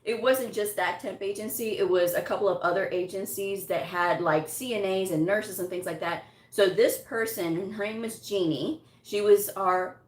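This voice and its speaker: A woman's voice: medium pitch, moderate pace, few pauses. A woman telling a personal story in a casual, chatty way, laughing often and quoting what people said to her. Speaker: medical coding vlogger. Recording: echoey room.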